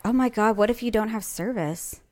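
A woman co-hosting a casual chat, reacting with quick questions and jokes. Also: on the high side, darkish tone.

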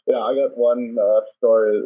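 A man in his twenties, a volleyball player, telling a story in a relaxed interview and laughing often. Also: medium pitch, normal speed. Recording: tinny phone-like call audio.

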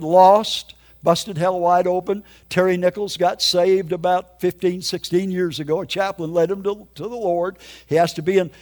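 An older man preaching his testimony in an emphatic, folksy storytelling way. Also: high-pitched. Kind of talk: sermon testimony.

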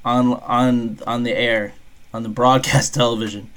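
A man's voice: mid-range voice, flat delivery, a little slow, a bit bright. Crass joking podcast man. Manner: crass, jokey, breaks into laughter. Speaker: podcast co-host. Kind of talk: crude comedic banter. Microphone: desk microphone.

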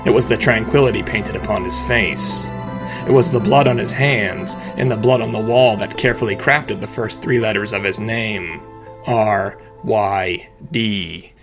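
A man reading a serialized thriller as narrator, measured and dramatic. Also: low-quality recording. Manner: measured, dramatic, low-key. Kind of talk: scripted audiobook narration. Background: music.

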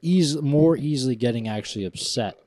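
A man's voice: medium pitch, brisk, a little mellow. A man co-hosting a podcast in casual chat, rambling and often stopping mid-thought. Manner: loose, rambling and self-interrupting. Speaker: podcast co-host.

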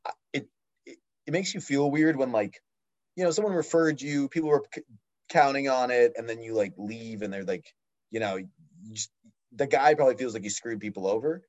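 A man's voice: mid-range voice, fairly quick, pauses often, darkish tone, lo-fi sound. A man in his twenties, co-hosting a podcast in casual chat, rambling with many fillers and restarts. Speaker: podcast co-host.

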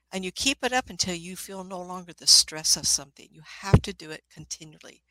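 A woman's voice: on the low side, lively intonation, brisk, few pauses, a bit bright, dry recording, poor audio. An older woman, a spiritualist minister and ghost investigator, telling rambling anecdotes in a casual chat, often laughing and restarting her sentences.

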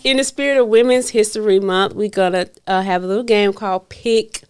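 A woman's voice: mid-range voice, fairly even intonation, brisk, clear, resonant tone. A woman co-hosting a podcast, affirming her guest and playfully introducing a game. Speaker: podcast co-host. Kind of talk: casual chat.

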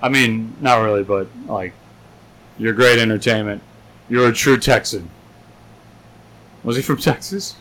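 A man co-hosting a podcast, teasing his friend with deadpan, jokey banter. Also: on the low side, measured pace, pauses often, poor audio. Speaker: podcast co-host. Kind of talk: casual chat.

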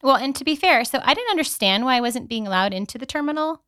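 A young woman co-hosts a casual podcast chat and tells stories with animated flair, acting out her own reactions. Her voice is bright and crisp. The recording is dry and close. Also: high voice, quick pace, no echo. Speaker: podcast co-host.

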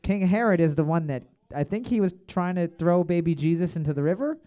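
A man hosts a bar trivia night, reading each question twice and cracking jokes between rounds. His voice is high-pitched and dark in tone, and he moves briskly.

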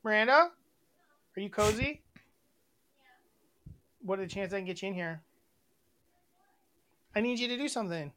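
A man's voice: high voice, lively intonation, moderate pace, long pauses, pushed and bright, slight background noise. A man co-hosting a podcast, chatting casually in a joking, playful way. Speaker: podcast co-host. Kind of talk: casual chat.

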